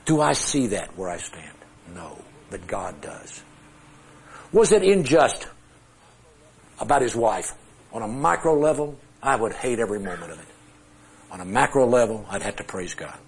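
Husky, lively male Bible teacher. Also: fairly low pitch, normal speed, long pauses. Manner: conversational, asks the class questions; self-deprecating humor. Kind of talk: classroom Bible lecture with charts.

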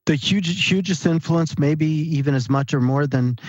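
A man as a podcast guest, animated as he tells a story and voices the people in it. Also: fairly high pitch, normal speed, no room sound. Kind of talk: storytelling in an interview. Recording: dull lo-fi recording.

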